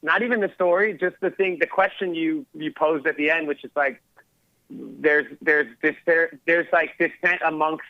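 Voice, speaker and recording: A man's voice: a little high, normal speed, no room sound, lo-fi sound. A male caller on a phone-in show, talking in a casual, rambling way with lots of fillers. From Los Angeles area. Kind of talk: phone-in conversation.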